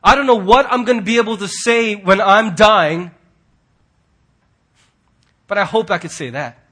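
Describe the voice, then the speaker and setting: A pastor preaches to his church in a husky, earnest voice that's high for a man. He leans hard on key words, then drops to a hush, swinging between loud emphasis and quiet.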